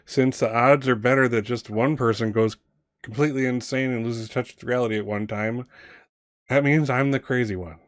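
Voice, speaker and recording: A man's voice: medium pitch, steady tone, normal speed, no room sound, studio quality, natural voice. A man voicing an anxious, earnest teenage boy at a wizard school, talking in a pleading, rambling way. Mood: bewildered.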